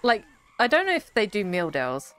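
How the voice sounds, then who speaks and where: A young woman chatting with her stream audience, rambling from one thought to the next and laughing easily. Her voice sits at an ordinary middle pitch, relaxed and conversational. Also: moderate pace. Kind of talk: casual chat with live chat.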